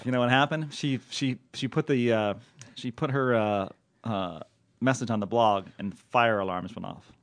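A man's voice: medium pitch, moderate pace, no room sound. A man hosting a casual podcast, joking and chatting with a co-host. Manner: animated, joking, reads letters aloud with flair.

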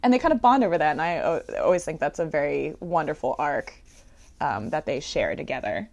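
A woman in casual conversation, chatty and animated, filling her talk with "like" and quoting characters. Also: sits low, a little fast, gravelly. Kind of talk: casual chat about a musical.

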